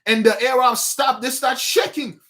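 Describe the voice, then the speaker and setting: A man's voice: very high voice, moderate pace. A man leading an informal book study, telling the story with many restarts and asides. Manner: lively storytelling, acting out scenes. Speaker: study group teacher.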